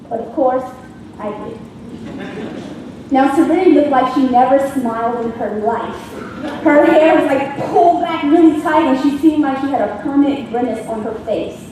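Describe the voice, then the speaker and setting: A young woman from Washington, D.C., a teacher, telling a humorous contest speech with animated storytelling and sound effects. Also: sits high, a little hiss or hum. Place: large conference hall. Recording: echoey hall from a distance.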